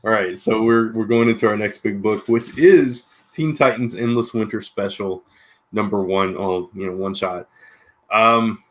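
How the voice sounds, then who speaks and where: A man with a lowish voice co-hosts a casual comic book livestream podcast, speaking a little slowly. He rambles and hesitates, filling his talk with "you know."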